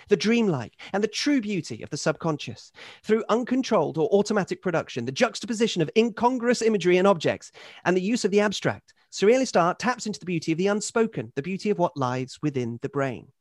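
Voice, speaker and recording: A man's voice: high-pitched, no echo. A man hosting a podcast, reading a long listener email aloud in a dry, wry way. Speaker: podcast host.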